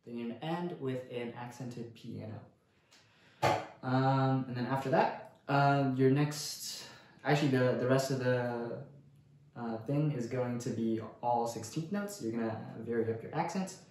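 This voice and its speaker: A man's voice: medium pitch, a little slow. Laid-back man teaching snare drum. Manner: relaxed, counts rhythms aloud, often says "cool". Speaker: percussion instructor. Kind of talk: casual music lesson. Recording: very echoey room, faint noise.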